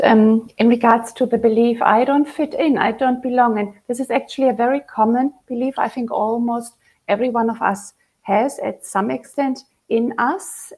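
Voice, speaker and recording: Higher-voiced woman co-host, affirming. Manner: affirming, calm explanatory. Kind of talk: live online discussion.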